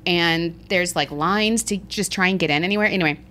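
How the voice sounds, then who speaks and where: Animated storytelling woman podcast host. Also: fairly low pitch, brisk, a little hiss or hum. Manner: animated storyteller, acts out quoted people. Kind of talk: casual chat.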